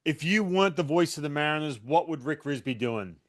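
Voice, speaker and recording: A male podcast host firing off quick interview questions, laughing often and tripping over his words. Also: on the high side, animated. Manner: laughs often, stammering restarts, playful. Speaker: host, former pitcher. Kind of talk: rapid-fire interview questions.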